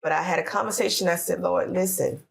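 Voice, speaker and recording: Woman guest on a podcast, lowish gravelly voice, tells her story with feeling and acts out the quotes. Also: fairly even intonation, quick pace. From Florida, US. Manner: emotional storytelling, acting out prayers and quotes.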